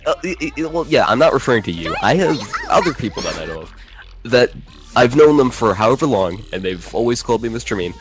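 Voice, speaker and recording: A man's voice: medium pitch, very animated, fairly quick, over music. A man chatting casually in a group voice call, joking and bantering, who has a cold.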